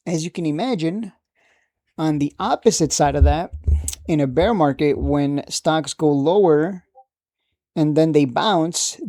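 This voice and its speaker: A man's voice: a little high, creaky, warm tone, no echo, clean studio sound. A man teaching a casual lesson on reading stock charts, talking conversationally and often asking "right?". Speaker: trading educator.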